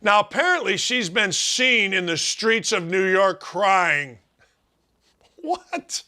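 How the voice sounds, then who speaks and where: A middle-aged man hosting a sports talk show, loud and emphatic with folksy trash talk. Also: sits high, expressive, unhurried.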